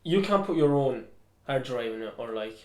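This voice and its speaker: A young man co-hosting a podcast in casual chat, blunt and quick with swearing retorts. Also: mid-range voice, lively intonation. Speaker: podcast co-host. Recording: echoey room.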